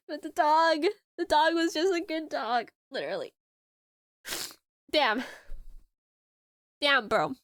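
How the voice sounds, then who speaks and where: A woman's voice: sits high, sing-song, takes it slowly, pauses often, fairly bright tone, no echo, clean studio sound. A woman streamer reacting to a video in casual chat, emotional, laughing and rambling.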